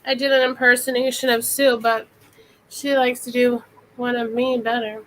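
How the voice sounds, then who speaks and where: A woman's voice: a little high, flat delivery, moderate pace, rough recording. A woman guest on a casual live video chat, sounding a little sick, chatty and laughing. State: sick, congested. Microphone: computer mic on video call.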